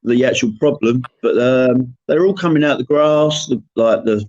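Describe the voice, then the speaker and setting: A man's voice: mid-range voice, normal speed, a little mellow, no echo, lo-fi sound. A young man from England on a livestream call, easygoing and laughing as he defends himself. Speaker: YouTuber. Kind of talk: casual streaming call banter.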